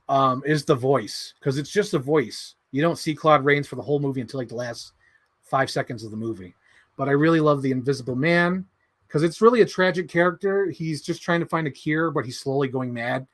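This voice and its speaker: A young man hosting a casual livestream, excitable and quick to laugh, swearing as he talks about movies. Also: fairly high pitch. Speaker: livestream host.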